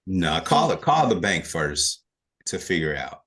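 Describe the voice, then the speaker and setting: A man with a lowish voice runs a live question session for an investing class over a video call. He talks in a relaxed, unhurried way and often restarts his sentences. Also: slightly rough. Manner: relaxed, hesitant with fillers and restarts. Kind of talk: live online Q&A.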